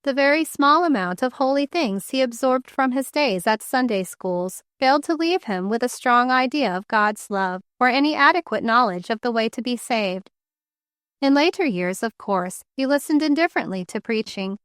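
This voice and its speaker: Smooth high-voiced woman narrating a novel. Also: dry recording, studio quality. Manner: measured, even storytelling. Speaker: audiobook narrator. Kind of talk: scripted narration.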